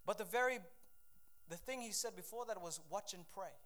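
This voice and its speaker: A man preaching a sermon with passion, repeating phrases and dropping his voice low when he quotes scripture. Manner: impassioned, rising to near-shouts, then dropping low for scripture; rapid asides and repetitions.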